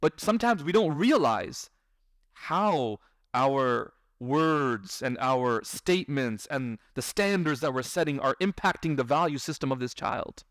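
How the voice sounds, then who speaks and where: A man who is a parent gives a lively lecture, often asking his audience questions and acting out parents and children. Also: mid-range voice, unhurried, dry recording, clean studio sound. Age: adult parent. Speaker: Islamic speaker.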